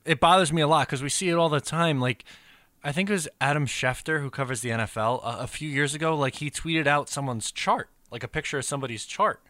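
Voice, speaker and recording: A man co-hosts a casual sports podcast and speaks in an earnest, agreeable way. His tone is bright and forceful. The recording is dry and close. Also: fairly high pitch, quick pace, dry recording. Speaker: podcast co-host.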